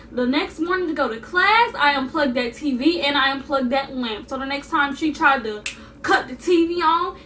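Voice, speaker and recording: A sassy young woman tells a story straight to camera in a casual vlog, animated and quick to repeat herself for emphasis. Her voice sits high and sounds bright, and the mic is a little distant with faint noise behind her. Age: young adult. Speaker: vlogger.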